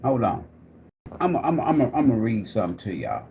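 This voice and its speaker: A middle-aged man holds forth on a tarot livestream like a former preacher, his pitch swinging widely as he drives his points home. He swears freely and keeps talking straight to his viewers, with a faint hiss of noise behind him. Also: fast, creaky. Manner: animated, profane, preacher-like, addresses viewers directly. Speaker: tarot reader and livestream host. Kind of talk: rambling preachy livestream talk.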